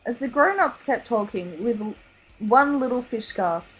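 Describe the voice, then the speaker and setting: An Australian woman reading a children's novel aloud in an expressive, dramatic way. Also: on the high side, a little slow, faint music behind, poor audio. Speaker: reader. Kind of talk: storybook read-aloud.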